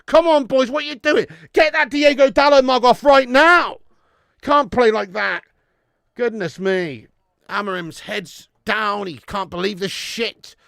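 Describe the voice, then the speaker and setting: A man hosting a live football watch-along alternates between shouting at the screen and reading out and answering viewer chat, excitable and sweary. His very high voice is bright, cutting and gravelly, at a measured pace. The recording is close and dry, with no echo.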